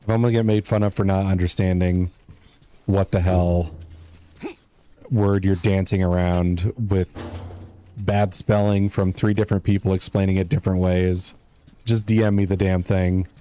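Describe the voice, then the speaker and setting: Low, mellow-voiced man chatting while gaming. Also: flat delivery, normal speed. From United States. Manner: rambling, chatty, talks to chat while playing. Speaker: streamer. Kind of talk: casual gameplay commentary.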